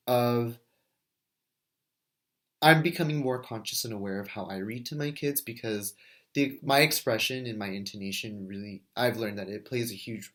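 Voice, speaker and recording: A man in his twenties, a first grade teacher, talking through a class reflection in a casual, thinking-aloud way with fillers and restarts. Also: medium pitch. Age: 20s. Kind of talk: recorded class discussion reflection.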